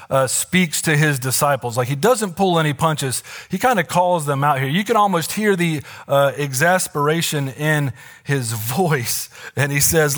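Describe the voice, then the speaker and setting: A man's voice: a little high, fairly bright tone. A man in his thirties, a pastor giving a sermon in a loose, conversational way with frequent asides to the congregation. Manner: conversational preaching with fillers and asides.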